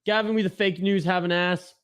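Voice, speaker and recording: A man's voice: high voice, steady tone, brisk, a bit bright, smooth. A man hosting a live hockey watch-along stream, giving casual play-by-play and joking and swearing while reading chat aloud. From Canada.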